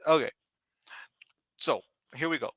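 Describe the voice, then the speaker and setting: A man leads an English conversation lesson, speaking very slowly and deliberately, repeating each question and model answer. His voice is bright, and the recording is dry and close. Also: on the high side, husky, no echo. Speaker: English teacher.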